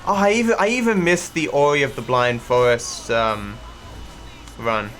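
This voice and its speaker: A man's voice: mid-range voice, moderate pace, a bit bright, soft background music. A man from Australia with a mixed accent that doesn't sound typically Australian, chatting casually while streaming a game, rambling with lots of restarts and some swearing. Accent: mixed, not typically Australian. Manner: rambling, many fillers and restarts, swears freely. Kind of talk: casual livestream commentary while gaming.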